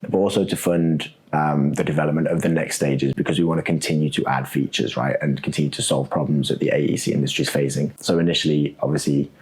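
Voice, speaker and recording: A man with a rumbling low voice talks fast, barely pausing, as a guest in an interview. He is the co-founder of a web3 architecture startup and speaks casually, thinking aloud with lots of ums and often capping his points with "right?" His manner is relaxed.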